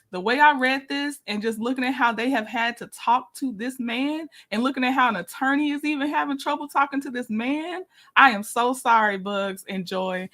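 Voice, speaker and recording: A woman hosts a casual livestream, talking in a chatty, easygoing way and greeting viewers one by one. Her voice sits a little high, and she laughs often between remarks. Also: fairly bright tone. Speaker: livestream host. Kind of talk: casual live-stream chat.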